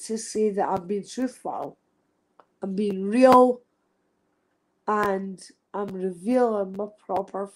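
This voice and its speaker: A woman's voice: medium pitch, a little mellow, rough recording. A young woman talking openly and emotionally on a live stream, swearing freely and repeating herself. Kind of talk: emotional casual chat.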